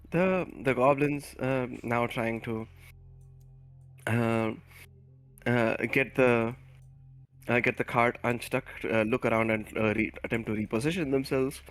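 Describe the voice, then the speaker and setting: A man narrates a tabletop adventure over an online call, stopping often for fillers. His voice sits at a middling pitch. Faint music plays behind him. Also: fairly bright tone. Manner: halting, many fillers. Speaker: game master.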